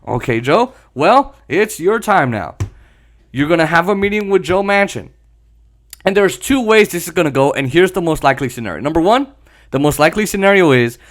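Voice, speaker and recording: A young man hosting a podcast, delivering a heated political commentary monologue with frequent swearing and self-aware laughs. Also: a little high. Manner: animated, ranting, swears and laughs at himself. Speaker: podcast host.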